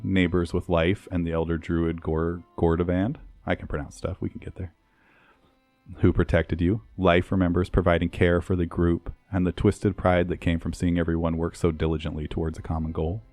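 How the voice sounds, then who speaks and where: A man narrating a tabletop game as game master, in slow, dramatic descriptive narration. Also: low voice, darkish tone, no room sound.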